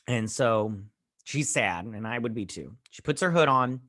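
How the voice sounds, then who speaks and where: A man at an ordinary middle pitch, talking loosely through an episode recap as a review-channel host. He rambles and restarts often, leaning on fillers as he goes. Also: animated, unhurried, a bit bright. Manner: heartfelt, saying he feels choked up.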